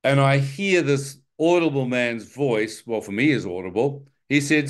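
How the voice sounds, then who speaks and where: A man telling his own story with lively, self-mocking humour, breaking into chuckles as he goes. His voice sits at an ordinary middle pitch. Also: measured pace, hardly any pauses. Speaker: testimony speaker. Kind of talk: personal testimony storytelling.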